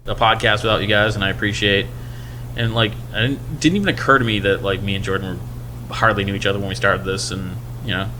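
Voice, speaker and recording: A man's voice: on the low side, sharp tone, a little hiss or hum. A man, co-hosting a podcast and telling a story in casual chat, acting out both sides of the exchange. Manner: storytelling, acts out both sides of a bar argument. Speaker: podcast co-host.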